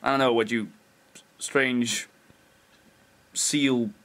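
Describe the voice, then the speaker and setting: A man's voice: medium pitch, fairly even intonation, drawn-out words, a bit bright. A young Dutch man, a non-native English speaker, rambling self-mockingly in a casual vlog. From Netherlands. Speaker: vlogger.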